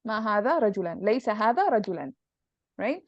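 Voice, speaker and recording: A woman's voice: medium pitch, big pitch swings, brisk, no room sound. Woman patiently teaching grammar, dull dry audio. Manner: patient, explains step by step with examples. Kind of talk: online class explanation.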